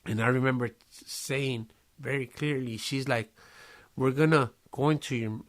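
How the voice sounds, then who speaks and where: A man's voice: medium pitch, a little slow. A man casually telling a long personal story in a podcast studio, cursing often and using street slang. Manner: profane, streetwise slang, lively retelling with quoted voices.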